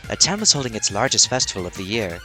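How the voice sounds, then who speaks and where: A man's voice: on the low side, very animated, quick pace, bright, forceful tone. A man putting on a playful dead girl who can't stop making puns, her voice swinging up and down as she teases, with faint music underneath. The game dialogue lands with a cheeky grin. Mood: teasing. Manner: playful, teasing joke delivery. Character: cheerful pun-loving dead young woman.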